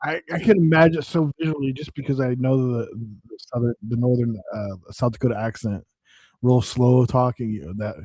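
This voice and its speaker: A man's voice: mid-range voice, steady tone, fairly quick, a little mellow, no echo, low-quality recording. A man hosting a casual podcast chat, giving short agreeing replies and laughing along often. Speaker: podcast host.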